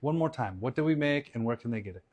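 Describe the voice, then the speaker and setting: A man's voice: medium pitch, animated, fast talker, darkish tone. A man co-hosting a casual cooking livestream, teasing his partner and reading out viewer comments. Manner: teasing, easygoing.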